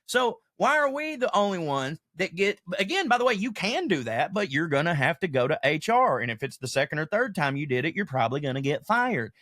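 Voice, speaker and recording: A man's voice: a little high, fairly quick, hardly any pauses, no room sound, studio quality. Fired-up profane man on a podcast. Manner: animated, profane, rants with comic asides. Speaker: podcast host, comedian. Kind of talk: casual podcast monologue.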